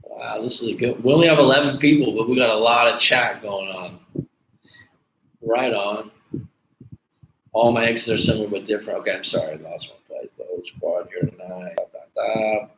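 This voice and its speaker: Casual male livestream coach, blunt and profane, slightly low voice, faint noise behind him. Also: fairly even intonation, moderate pace, a bit bright. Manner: blunt, profane, casual, calls viewers dude. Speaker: dating coach livestream host. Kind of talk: casual livestream chat reading viewer comments. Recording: echoey room with faint background noise.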